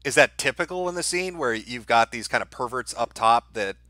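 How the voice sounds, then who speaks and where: A male host talks quickly in a bright, tense voice, drawing his guest out with probing questions. His voice sounds close and dry. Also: medium pitch, expressive, no room sound. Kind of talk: casual interview.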